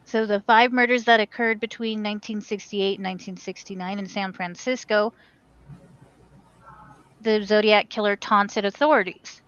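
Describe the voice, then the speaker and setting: A woman's voice: medium pitch, fairly even intonation, normal speed, fairly bright tone, smooth, no echo. A woman co-hosting a podcast in casual chat, chatty and stumbling a little when reading news aloud, on a dry, dull-sounding mic. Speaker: podcast co-host.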